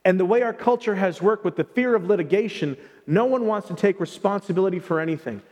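Male pastor, high voice, conversational emphatic sermon, long church-hall reverb. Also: fast talker, darkish tone, dull audio. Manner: conversational, emphatic preaching with playful asides.

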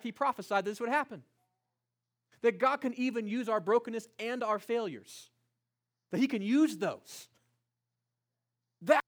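Guy preaching a sermon, high voice that swings all over, keeps asking the crowd questions. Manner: preaching with rising emphasis and rhetorical questions. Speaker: pastor.

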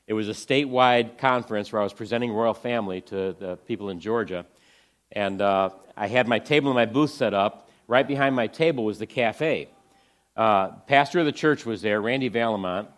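A man giving an inspirational talk to a church audience, storytelling earnestly and swinging from hushed lines to excited ones. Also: fairly low pitch, normal speed. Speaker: ministry speaker presenting to a church audience.

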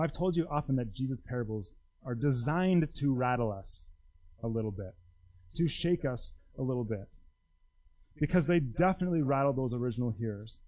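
A pastor with a dark-toned voice preaches a sermon in a conversational, emphatic way. His pitch rises and drops widely, and the recording is rough.

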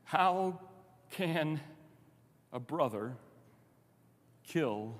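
A man preaching a sermon in a conversational, animated way, asking rhetorical questions. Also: fairly high pitch, very slow. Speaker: pastor. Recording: long hall reverb.

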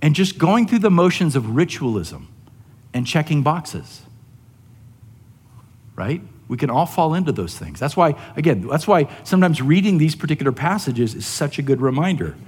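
Higher-voiced male pastor in a reverberant hall. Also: big pitch swings, moderate pace, a little mellow, breathy edge. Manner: conversational, often asks "right?". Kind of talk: sermon.

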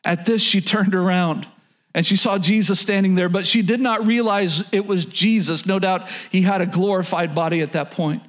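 A man's voice: sits high, fairly even intonation, normal speed. A man preaching a sermon to his congregation, reading scripture and repeating phrases for emphasis. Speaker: pastor. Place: church in front of a congregation.

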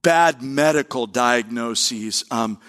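A man's voice: medium pitch, takes it slowly, fairly bright tone. A pastor preaching a sermon to a congregation in an earnest, conversational way, often restarting his sentences. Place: church service before a live congregation.

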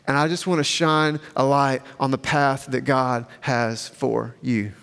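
A man preaching a sermon as pastor, measured and emphatic, slowing down for repeated refrains and leading a prayer. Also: medium pitch, flat delivery, vocal fry, a bit bright, clear, resonant tone, big-room sound.

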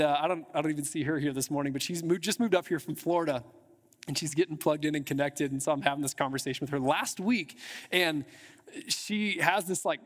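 A man with a high voice preaching a sermon in a casual, conversational way. He restarts his phrases often and sprinkles in filler words as he talks to the congregation. His voice rings with the long reverb of a church hall. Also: a bit bright. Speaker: pastor. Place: church sanctuary.

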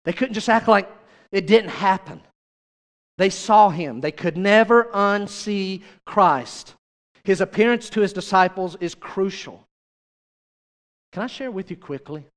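A man's voice: sits high, unhurried, pauses often, big-room sound. A male pastor preaching a sermon, chatty and direct, often turning to the congregation with questions.

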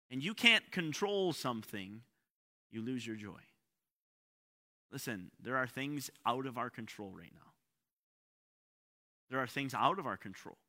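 A man's voice: fairly high pitch, pushed and bright. A man pastor preaching a livestreamed sermon, repeating key lines and asking rhetorical questions, building to emphatic peaks. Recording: long hall reverb.

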